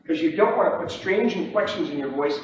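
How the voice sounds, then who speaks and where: A man's voice: fairly high pitch, lively intonation, brisk. A man teaching commodities trading in a seminar lecture, emphatic and repetitive, often checking in with "okay?". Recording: echoey room, distant mic, dull lo-fi, faint hiss.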